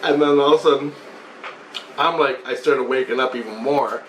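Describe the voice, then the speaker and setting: A man's voice: medium pitch, normal speed, slight background noise. Rambling man in an echoey room. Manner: rambling, animated, repeats himself. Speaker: vlogger. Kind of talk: casual spoken account. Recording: roomy echo, faint ambience.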